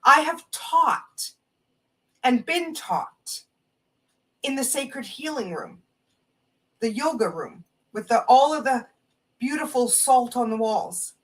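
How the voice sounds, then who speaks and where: A woman hosting a live spiritual stream, gently reading oracle card messages aloud and reflecting on them. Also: sits high, lively intonation, takes it slowly, long pauses. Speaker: host reading oracle cards. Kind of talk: slow spiritual live talk. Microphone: phone or webcam on a live stream. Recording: distant from the mic.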